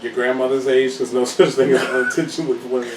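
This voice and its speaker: A man's voice: medium pitch, flat delivery, fast talker, far from the mic. A young man hosting a casual vlog chat, teasing and emphatic as he argues his points, laughing often. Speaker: vlog host. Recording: echoey room, mic set back, faint hiss.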